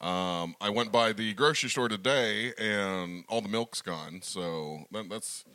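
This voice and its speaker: Rambling podcast host with bright tone. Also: male voice, fairly low pitch. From Florida. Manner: rambling, halting, laughs often. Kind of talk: casual podcast chat.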